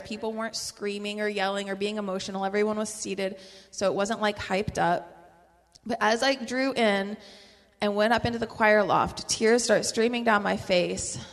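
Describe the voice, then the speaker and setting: A woman shares her personal religious testimony in casual conversation, fervent and earnest, with lots of "like" fillers and small laughs. Her voice is mid-range, and the audio has a big-room sound.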